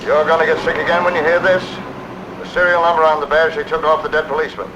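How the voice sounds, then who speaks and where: An actor playing a sardonic police lieutenant in a 1960s TV crime drama. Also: male voice, a little high, little pitch movement, fast talker, lo-fi sound, natural voice. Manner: dry and sardonic. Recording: faint hiss, old TV soundtrack.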